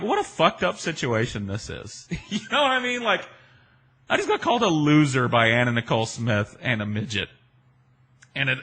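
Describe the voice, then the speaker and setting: A man's voice: medium pitch, pushed and bright. A man telling a personal anecdote in a loose, rambling, profane and self-mocking way. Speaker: storyteller. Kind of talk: casual personal storytelling.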